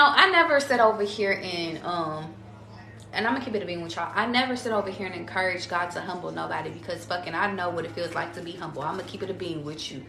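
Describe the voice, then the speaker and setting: Woman, tarot reader, chatty and profane, slangy, creaky gravelly voice, echoey room. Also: fairly low pitch, pushed and bright. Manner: slangy, profane, chatty, addresses viewers as y'all. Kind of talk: casual spiritual tarot reading to viewers.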